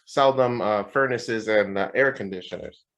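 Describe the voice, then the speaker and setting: A man co-hosting a podcast, telling a story in a casual, animated and profane way. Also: lowish voice, normal speed. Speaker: podcast co-host. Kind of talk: casual chat.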